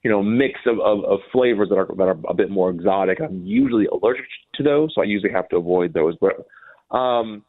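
A man chatting casually as a co-host, telling animated stories and mimicking people. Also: lowish voice, quick pace. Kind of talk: casual chat. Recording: dry, phone-like narrow sound.

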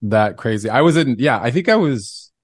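A man's voice: medium pitch, lively intonation, normal speed. A male podcast host chatting casually, reacting eagerly and asking follow-up questions. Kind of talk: casual interview chat.

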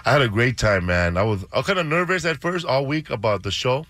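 Man, comic guest, loose rambling storyteller, bright and dry. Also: medium pitch, animated, fast, dry recording. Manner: rambling storyteller, many fillers. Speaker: comedian guest. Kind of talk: casual radio chat.

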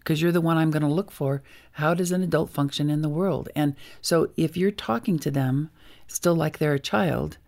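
A woman's voice: low voice, moderate pace, creaky, darkish tone. A woman author on a talk show, giving emphatic parenting advice. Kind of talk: interview conversation.

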